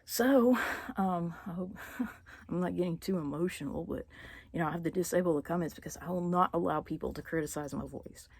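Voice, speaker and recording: A woman vlogging about her feelings, halting with many fillers and dropping into whispers as she holds back tears. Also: lowish voice, darkish tone, slightly rough, dry recording. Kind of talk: personal confessional vlog.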